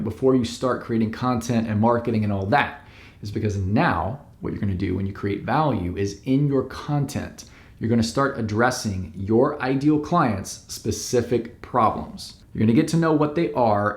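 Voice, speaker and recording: A man's voice: mid-range voice, echoey room. A man who works as a business coach, giving direct, emphatic step-by-step advice to camera. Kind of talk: instructional talk to camera.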